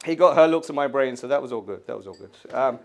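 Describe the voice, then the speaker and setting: A man in his thirties from the UK doing an animated stand-up set in a gallery, acting out voices and screaming kids. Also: medium pitch, quick pace, creaky, slight background noise. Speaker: stand-up comedian. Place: art gallery before a live audience. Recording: live room with audience laughter.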